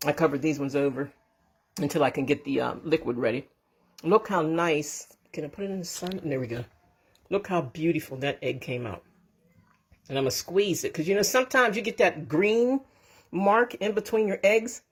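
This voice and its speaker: A woman hosting a casual home cooking vlog and filming herself on a handheld phone. She talks in a chatty, rambling way, keeps correcting herself, and blesses her viewers warmly. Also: sits low, normal speed. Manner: chatty and rambling, with frequent restarts and self-corrections. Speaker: home cooking and canning channel host. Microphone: handheld phone camera.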